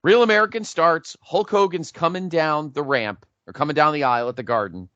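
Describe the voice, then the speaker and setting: A man co-hosting a podcast, telling an imagined match as animated, profane play-by-play in casual chat. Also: on the high side, a little fast, no echo, muffled recording. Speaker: podcast co-host.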